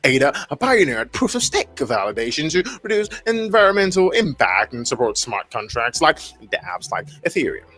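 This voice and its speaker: A man hosting a casual livestream, his pitch swinging widely as he reads an article aloud. He stumbles, restarts and breaks off often to react and talk to his chat. Faint music plays underneath. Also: big pitch swings, moderate pace, hardly any pauses, sharp tone. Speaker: livestream host.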